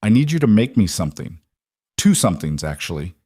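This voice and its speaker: A man voicing a sincere cowboy husband who speaks quietly and plainly. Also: lowish voice, very animated, brisk, no echo, clean studio sound.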